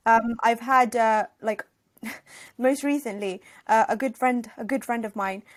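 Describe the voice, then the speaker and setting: A woman author talking as a podcast guest, telling stories in a lively, animated way and acting out what her friends said. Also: on the high side, unhurried. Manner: animated storyteller who acts out what friends said. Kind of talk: casual conversational interview.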